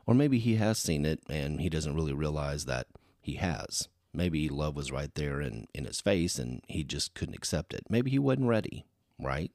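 Very deep-voiced man chatting casually. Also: big pitch swings, normal speed, creaky, a little mellow, no room sound, clean studio sound. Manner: rambling and chatty, full of "you know". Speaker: podcast host. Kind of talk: casual solo podcast chat.

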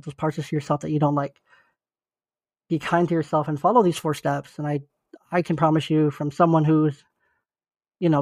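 A man's voice: on the high side, a little mellow, dry recording. A young man co-hosting a podcast, down with the flu, talking in an earnest, encouraging and loose way. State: sick with flu. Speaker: podcast co-host. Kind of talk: casual podcast chat.

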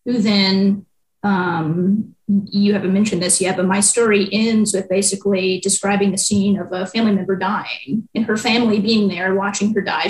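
Reflective young woman reporter, echoey room. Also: medium pitch. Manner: reflective, with frequent ums and likes. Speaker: newspaper reporter, interview guest. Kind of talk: conversational interview answers.

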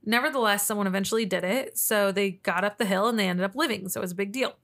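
A woman's voice: mid-range voice, fast, fairly bright tone. Chatty woman podcast host. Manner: chatty, laughs often, trails off and restarts. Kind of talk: casual chat, telling cryptid stories.

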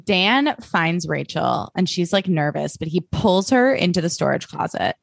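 A woman co-hosting a podcast, retelling TV plot points in a brisk, amused way. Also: on the low side, lively intonation, creaky, no echo. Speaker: podcast co-host. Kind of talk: casual recap chat.

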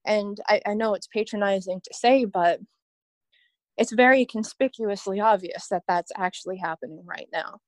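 A woman's voice: medium pitch, moderate pace, dry recording. A woman guest on a podcast, talking in a rambling, earnest way and laughing often. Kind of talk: casual podcast chat.

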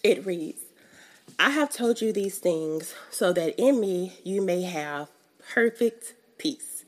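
A woman's voice: on the low side, animated, slow pace. A young woman giving a casual, emphatic devotional teaching in a conversational, colloquial way. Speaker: faith teacher.

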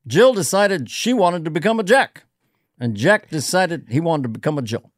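A man doing an impression of a calm former male president acting as a preschool teacher. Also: fairly high pitch, normal speed, no echo, studio quality. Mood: teacherly.

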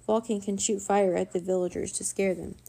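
Bold, impatient storybook girl read by a woman, low mellow tone. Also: steady tone, brisk, vocal fry. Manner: forceful, impatient. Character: stubborn bold young girl rider.

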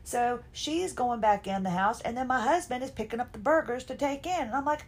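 A woman's voice: fairly high pitch, fairly quick, few pauses. A woman, hosting a podcast and telling a folksy, chatty, self-mocking personal story. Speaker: podcast host.

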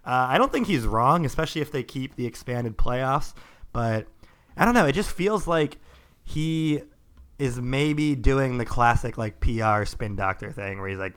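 A man's voice: mid-range voice, normal speed, a bit bright, clean tone. A man co-hosting a podcast, in casual sports chat, rambling and leaning hard on filler words. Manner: rambling, heavy use of "like". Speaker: podcast co-host.

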